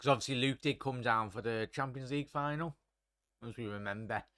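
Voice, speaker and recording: A man's voice: mid-range voice, brisk, pushed and bright, dry recording. A young man hosting a live match watchalong, commentating casually and chatting to viewers. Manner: chatty, laddish, reads chat aloud. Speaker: watchalong host.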